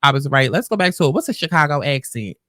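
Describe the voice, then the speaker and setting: A woman's voice: low-pitched, big pitch swings, fast talker, fairly bright tone. A woman hosting a casual reaction commentary, talking in a chatty, rambling way into a close mic. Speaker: host. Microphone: close podcast mic.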